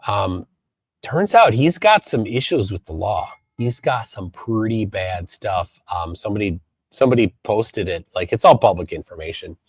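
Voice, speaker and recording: Rambling man with a lively pitch. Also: no room sound. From Minnesota. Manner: rambling, halting, many fillers and restarts. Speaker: livestream host. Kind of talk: casual live-stream commentary reading chat.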